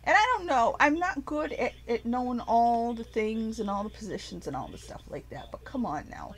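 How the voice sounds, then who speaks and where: A woman ranting casually to her viewers, animated and profane, rambling with frequent restarts. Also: a little high, moderate pace, poor audio. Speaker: vlogger. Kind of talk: casual rant to camera.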